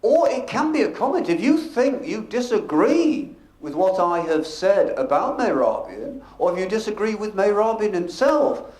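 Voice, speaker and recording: A man speaks to a convention audience in a somewhat high voice, measured and emphatic, varying his loudness and pace. The microphone picks up the lively echo of a large function room. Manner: measured, emphatic delivery, varies volume and pace. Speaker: professional speaker presenting at a convention. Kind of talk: conference presentation. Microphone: handheld or stage microphone. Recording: echoey conference room.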